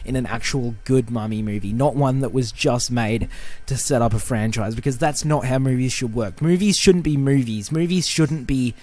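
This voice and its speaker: A man hosting a casual film podcast, rambling through heated, profane rants. His talk is full of fillers and false starts, and he sits at a middling pitch. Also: moderate pace, darkish tone. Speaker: podcast host. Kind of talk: casual film-review rant.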